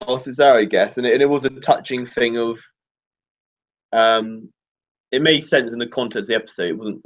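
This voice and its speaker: Chatty young man on a lo-fi stream. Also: mid-range voice. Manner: chatty, laughs often, many fillers and restarts. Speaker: livestream host. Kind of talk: casual fan chat. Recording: dull lo-fi livestream audio.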